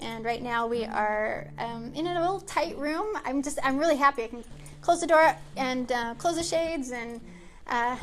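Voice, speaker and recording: A woman's voice: sits high, normal speed, slight background noise. A woman hosting her own show from a small library room, talking casually and cheerfully with lots of ums and likes. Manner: chatty and upbeat with frequent ums and likes. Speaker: show host. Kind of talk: casual chat to a live-stream audience.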